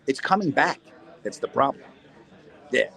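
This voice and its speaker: A man's voice: mid-range voice, lively intonation, a little slow, gravelly, fairly bright tone, rough recording. Middle-aged comic guy chatting live from his cellar, rambling, jokey, reading viewer questions. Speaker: comedian and actor hosting a live chat. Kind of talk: casual live-stream chat. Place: cold cellar corner, indoors.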